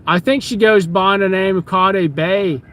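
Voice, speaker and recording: A man's voice: sits high, fairly bright tone, slight background noise. A man putting on a mock Australian accent to narrate street pigeons like a nature show. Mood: mock documentary. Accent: put-on Australian. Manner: jokey, drawn-out slangy narration. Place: outdoors on a city street at night.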